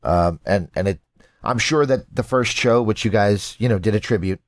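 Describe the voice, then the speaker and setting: Low-voiced man hosting an interview. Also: no room sound. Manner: relaxed, fan-like, quick affirmations. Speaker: interview host. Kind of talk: casual interview talk.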